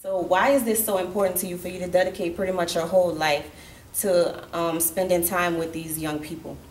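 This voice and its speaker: A woman's voice: on the low side, steady tone, brisk. A woman interviewer asking thoughtful questions. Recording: echoey room, distant mic, faint noise.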